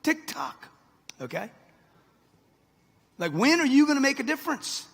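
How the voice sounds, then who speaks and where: A man in his sixties gives a brash, punchy motivational speech to a live audience in a large event hall, with long reverb. His very high voice is sing-song and fairly bright, with vocal fry, at a moderate pace.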